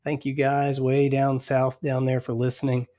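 A man hosting a devotional podcast, reading scripture slowly and reflectively while still out of breath. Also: medium pitch, monotone, warm tone. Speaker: podcast host.

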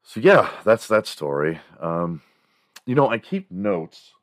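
A man's voice: lowish voice, very animated, slow, dry recording, clean studio sound. A man hosting a show, casually telling stories and mimicking sounds, chuckling as he goes. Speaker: podcast host. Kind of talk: casual storytelling monologue.

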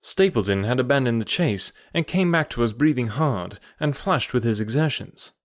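A man narrating a classic novel as an audiobook, with measured, descriptive storytelling. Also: medium pitch, expressive, no echo, clean studio sound.

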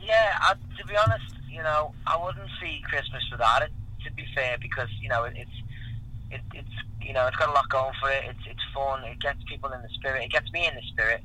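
A man as a radio guest, telling stories in a relaxed way and often repeating words. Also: medium pitch, fairly quick, a little hiss or hum, low-quality recording. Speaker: guest performer. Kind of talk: casual chat.

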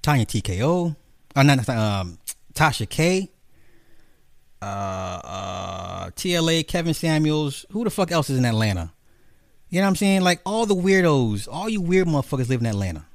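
A man delivering a profane, animated commentary rant, mocking the people he talks about. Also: moderate pace, vocal fry, dry recording, studio quality. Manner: profane, animated, mocking, jumps into high mimicking voices. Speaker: commentary host. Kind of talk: ranting commentary monologue.

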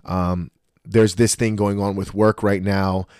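Animated, swearing podcast co-host man. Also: on the low side, unhurried, clean tone, no echo, studio quality. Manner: animated storyteller, acts out quotes, swears often. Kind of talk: casual chat.

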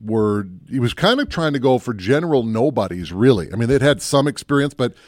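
A man's voice: mid-range voice, expressive, a little fast, a little mellow, dry recording, studio quality. A man co-hosting a casual movie chat show, rambling and musing aloud, often breaking off mid-thought. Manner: rambling, musing, self-interrupting. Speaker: podcast co-host.

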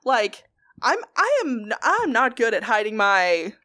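A young woman telling a story in a casual chat, animated and sweary. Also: fairly high pitch, unhurried.

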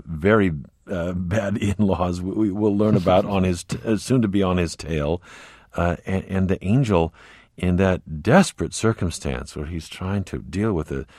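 A man hosting an interview, describing a novel in measured sentences and asking his guest questions. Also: deep voice, dry recording, clean studio sound. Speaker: radio interview host. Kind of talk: interview talk.

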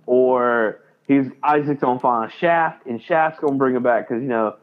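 A man co-hosting a podcast in casual chat, animated and excitable, acting out his reactions. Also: mid-range voice, moderate pace. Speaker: podcast co-host. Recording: tinny phone-like line.

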